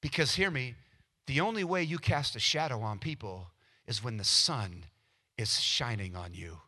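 A male pastor preaching a sermon, animated and acting out little everyday scenes with quoted voices. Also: medium pitch, moderate pace.

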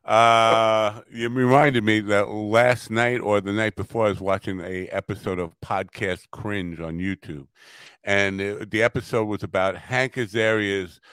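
A man's voice: fairly low pitch, steady tone, a bit bright, smooth, dry recording. A male podcast host in casual chat, curious and joking, with many fillers. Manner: curious, filler-heavy, quick to joke.

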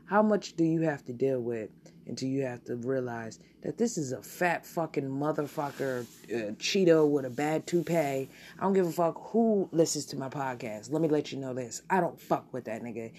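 A woman hosting her own podcast, delivering a blunt, profane, animated solo rant. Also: extremely low pitch, moderate pace, slight background noise. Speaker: podcast host.

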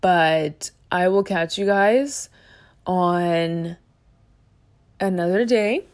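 Lady podcaster just talking, kinda low gravelly voice, animated and slangy. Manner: chatty, animated, slangy and emphatic. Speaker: podcast host. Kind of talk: casual solo monologue.

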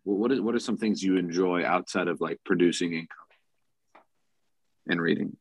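A man hosting a podcast who calmly sums up his guest's points and asks follow-up questions. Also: low-pitched, normal speed, no room sound. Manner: calm, summarizing, asks questions. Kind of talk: casual podcast conversation.

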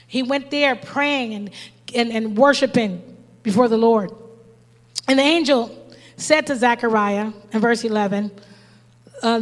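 High-voiced woman preaching with long reverb. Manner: impassioned, calls out to the congregation. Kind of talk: sermon.

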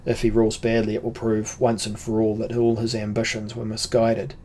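A man reading an audiobook, voicing a brooding young sorcerer-emperor who speaks evenly and gravely. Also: fairly low pitch, lightly acted. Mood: resolute. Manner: measured, even and grave.

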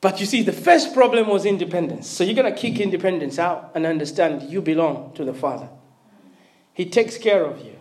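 A middle-aged preacher in a roomy hall, swinging from emphatic outbursts to hushed, intimate stretches. The speaker repeats words and keeps asking the congregation for a response. The sound carries a wide, echoing room. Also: medium pitch, brisk. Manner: animated, swings from loud emphatic to quiet intimate. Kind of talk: sermon. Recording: roomy echo.

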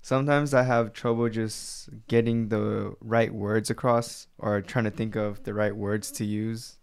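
A man in a casual talk, soft-spoken and hesitant, describing himself as shy and timid. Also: on the low side, little pitch movement, measured pace, vocal fry, smooth. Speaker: co-host. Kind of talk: casual chat.

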